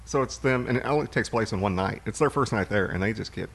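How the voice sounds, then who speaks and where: A man's voice: on the low side, quick pace, gravelly, breathy edge. A man co-hosting a casual talk show, rambling through movie recaps with plenty of fillers. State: hiccuping. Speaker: podcast co-host. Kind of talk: casual chat.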